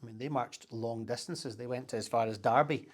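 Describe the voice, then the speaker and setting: A Scottish man with a medium-pitched voice chats casually and a little fast as an interviewee and content creator. An animated storyteller, he laughs as he talks and fills his lively tales with historical detail.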